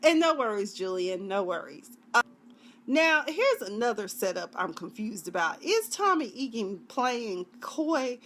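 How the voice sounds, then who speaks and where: A woman's voice: on the high side, very animated, unhurried, a bit bright. A woman reviewing a TV drama in a chatty, dramatic way, now and then acting out the scenes in put-on voices. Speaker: TV show reviewer. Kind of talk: casual video review.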